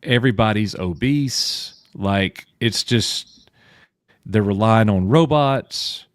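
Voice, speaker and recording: Low-voiced opinionated male host. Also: slow, dry recording, clean studio sound. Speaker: podcast host. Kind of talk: casual livestream chat.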